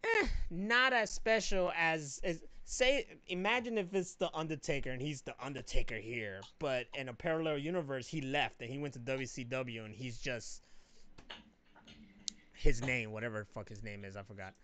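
A man's voice: normal speed, smooth. A man chatting casually on a podcast, telling stories animatedly and swearing freely. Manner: animated storyteller, swears freely, mimics others in high voices. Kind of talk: casual chat.

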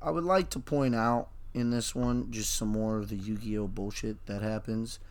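A man's voice: fairly low pitch, steady tone, normal speed. A man co-hosting a podcast, chatting casually about an anime and reacting with slangy disbelief. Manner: laid-back, incredulous, slangy ("bro"). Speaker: podcast co-host. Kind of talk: casual anime review chat.

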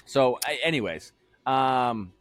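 A man's voice: medium pitch, a bit bright, no room sound. A young man co-hosting a casual podcast, loose, joking and swearing freely. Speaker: podcast co-host.

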